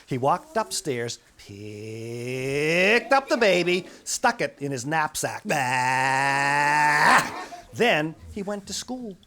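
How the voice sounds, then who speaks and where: Male storyteller for kids: unhurried, lively, playful, with sound effects. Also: a little high. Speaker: children's storyteller. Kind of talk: animated storytelling for children.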